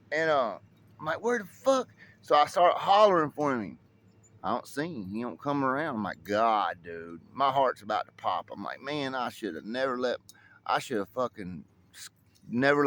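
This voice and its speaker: A man with a Southern US accent telling a story in a casual, profane and animated way, acting out the quotes. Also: medium pitch, slight background noise.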